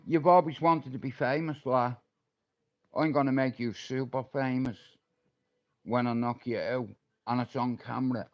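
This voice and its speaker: A man's voice: medium pitch, dull audio. A middle-aged man, ranting and swearing on a livestream. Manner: confrontational, swearing, threatening.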